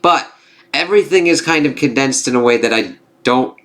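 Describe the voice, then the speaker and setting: A man's voice: mid-range voice, normal speed, a bit bright. A man casually recapping a TV episode, rambling and swearing, full of filler phrases. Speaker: TV reviewer.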